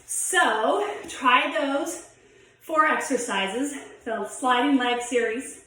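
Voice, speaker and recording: A woman's voice: high voice, lively intonation, slow pace, pushed and bright. A young woman teaching a home workout, demonstrating the moves as she talks and sounding out of breath. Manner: encouraging, demonstrating while talking. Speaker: fitness instructor. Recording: very echoey room, mic from far off.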